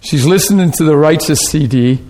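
A man pastor giving an informal teaching talk, telling stories in an animated way and laughing often. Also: a little high, fairly quick.

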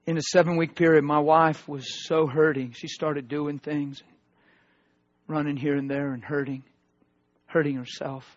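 A man preaching a personal testimony sermon, emotional, swinging between loud outbursts and hushed tones. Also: fairly high pitch, little pitch movement, measured pace, dry recording, lo-fi sound.

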